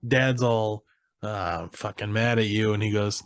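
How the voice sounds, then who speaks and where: A man's voice: on the low side, measured pace, smooth, no room sound, clean studio sound. A young man casually recapping a comedy film on a podcast, quoting the characters and laughing as he goes. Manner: animated retelling, quoting characters, swearing, laughing. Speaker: podcast co-host. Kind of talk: casual movie recap chat.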